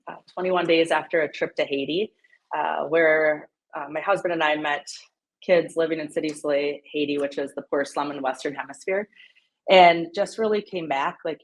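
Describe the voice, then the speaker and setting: A woman's voice: low voice, rough recording. Minnesota woman, agency founder on a podcast, easygoing, chiming in a lot. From Minnesota, USA. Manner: agreeable, quick to chime in. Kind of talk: casual interview chat.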